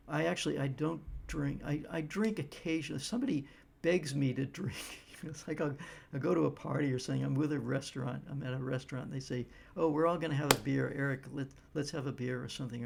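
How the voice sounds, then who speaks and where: A man's voice: a little high, creaky, a little mellow. An American man, middle-aged, giving a rambling casual political monologue full of fillers and restarts. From United States. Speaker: political commentator.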